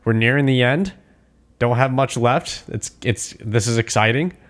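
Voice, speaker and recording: A man with an ordinary mid-range voice co-hosting a laid-back film review. He talks in an animated way, swears casually and jumps in quickly to agree. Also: mid-range voice. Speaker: podcast co-host.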